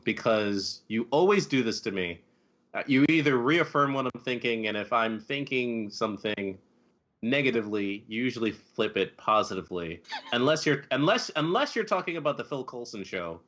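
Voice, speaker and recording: A man's voice: mid-range voice, fairly bright tone, dull audio. A man hosting a casual movie podcast, talking animatedly with lots of fillers and laughs. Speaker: podcast host.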